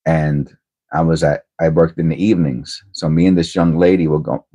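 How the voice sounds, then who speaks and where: A man's voice: very deep voice, fairly even intonation, normal speed, warm tone. A middle-aged man hosting his livestream, telling a rambling personal story in a casual, hesitant way with lots of fillers. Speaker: livestream host.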